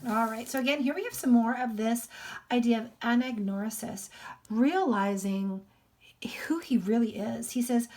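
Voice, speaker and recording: Woman, teacher, literature lesson, casual explaining, fillers, fairly high pitch. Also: moderate pace, a little mellow. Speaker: English teacher.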